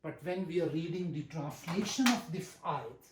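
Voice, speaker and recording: Teacher, grammar lesson, unhurried, repeats key words, recites verses slowly, mid pitch, echoey room. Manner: deliberate, repeats key terms for emphasis. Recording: roomy echo.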